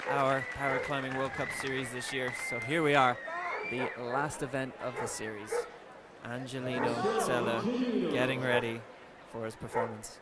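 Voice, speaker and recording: A man giving live commentary at a climbing competition, building excitement as the climb goes on. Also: mid-range voice, heavy background noise. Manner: rises and speeds up excitedly during climbs. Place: outdoor climbing event. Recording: loud music and crowd behind.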